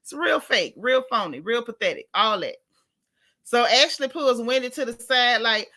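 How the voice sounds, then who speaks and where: A woman hosting a casual reality TV recap, telling it in a sassy, animated way with lots of slang. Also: fairly high pitch, moderate pace. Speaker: host.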